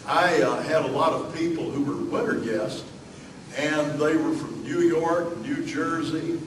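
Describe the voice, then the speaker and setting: A man's voice: on the high side, roomy sound, far from the mic, a little hiss or hum, poor audio. A man from Alabama with a Southern accent, preaching a sermon as pastor in a folksy way, with lots of fillers and asides.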